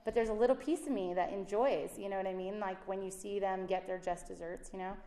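A woman's voice: medium pitch, a little fast. A woman, a Christian speaker and mother, giving a casual faith talk and acting out the voices she quotes. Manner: animated, acts out quoted voices. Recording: roomy echo.

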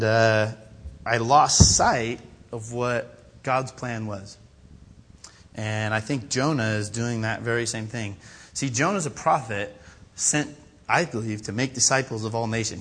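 A man delivering an animated sermon, his voice bright and forceful. He tells stories that poke fun at himself and acts out the people he quotes in their own voices. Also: mid-range voice, breathy edge. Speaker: pastor. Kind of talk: storytelling sermon.

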